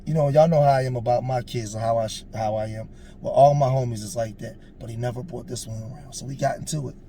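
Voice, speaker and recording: A man in his forties tells a personal story with an earnest, emphatic, preachy edge. His voice is dark and gravelly, and there is faint noise in the background. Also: mid-range voice, steady tone, fast. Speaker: storyteller on a street interview show.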